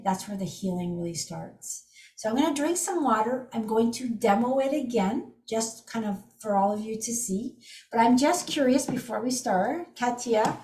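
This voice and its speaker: Lively middle-aged woman leading a video-call workshop, in an echoey room. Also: fairly high pitch, normal speed. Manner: animated, vivid, acts out strong emotions while demonstrating. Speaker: EFT tapping teacher. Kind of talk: live online workshop teaching. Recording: roomy and distant from the mic.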